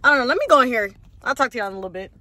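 A woman's voice: a little high, expressive, racing, bright, forceful tone. A woman, chatting casually to her phone camera in a rambling vlog. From Houston, Texas. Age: 20s. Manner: chatty, rambling, talks to viewers as y'all. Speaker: nursing student vlogger. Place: in a car and walking around campus.

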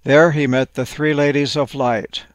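A man gently narrating a playful, whimsical bedtime story. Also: fairly high pitch, steady tone, unhurried, no echo.

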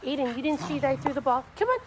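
On a live stream from a backyard, a dog rescue volunteer talks to dogs in coaxing baby talk, calling and cheering them on. Her high-pitched, expressive voice races along over slight background noise.

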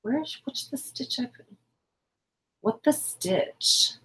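Slow-talking chatty crafting streamer woman. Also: high-pitched, animated, pushed and bright. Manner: self-deprecating, chatty, counts stitches aloud. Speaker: livestream crafting host. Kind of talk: casual livestream chat.

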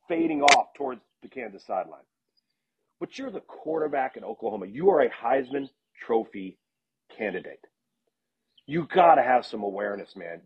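A middle-aged man, a football analyst, casually telling animated stories as a podcast guest. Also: mid-range voice, husky. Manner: animated anecdotes with laughs and restarts. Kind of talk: casual storytelling in a podcast interview. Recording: dull lo-fi sound.

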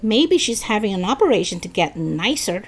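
A woman's voice: mid-range voice, big pitch swings, normal speed. A woman reading a storybook aloud and voicing a teasing, complaining third-grade boy in a raised voice. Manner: complaining, wisecracking.

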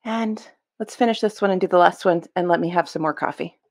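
A woman's voice: fairly low pitch, brisk. A young woman giving casual, exasperated reaction commentary on a video clip, emphatic and blunt. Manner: exasperated, emphatic, swears and laughs.

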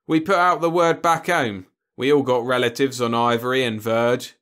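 A man's voice: medium pitch, steady tone, normal speed, a bit bright, voice pushed up, close to an everyday voice. A man doing a chatty, frontier farmer. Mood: cheerful. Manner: chatty, boastful, folksy. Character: talkative, cheerful male frontier farmer. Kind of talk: audiobook character voice.

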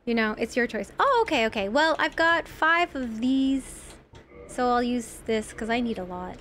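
A woman's voice: on the high side, moderate pace, a bit bright, a little hiss or hum. A young woman streaming a video game from home, chatting casually and giggling while she rambles and reads her chat aloud.

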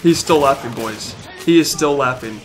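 A young man streaming a shooter game, excitedly narrating, shouting and laughing as he repeats himself. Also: mid-range voice, moderate pace, over music. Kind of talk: excited gaming stream commentary.

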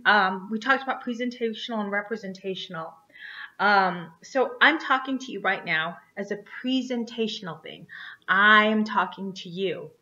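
A woman lecturing a theater class online in an animated, conversational way, tossing in "right?" every few sentences. Her voice is bright and forward, though the recording sounds dull and lo-fi. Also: medium pitch. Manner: animated, checks in with frequent "right?" tags. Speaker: theater teacher.

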